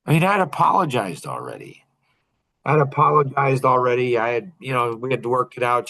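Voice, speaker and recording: A middle-aged man leading a coaching group, telling a personal story in a casual, animated way with frequent laughter. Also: medium pitch, unhurried, creaky, long pauses.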